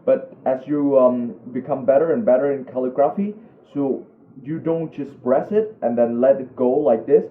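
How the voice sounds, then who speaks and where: Halting young man teaching calligraphy, tinny sound. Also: medium pitch, echoey room. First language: Vietnamese. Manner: halting, many fillers and restarts, friendly asides. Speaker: calligraphy instructor. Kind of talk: casual tutorial demonstration. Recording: tinny phone-like audio.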